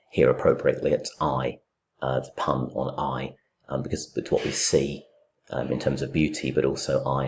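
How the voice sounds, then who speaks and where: With a rumbling low, slightly mellow voice, this middle-aged man teaches English literature. In a recorded poetry commentary lecture, he reasons aloud, stumbling through restarts and fillers.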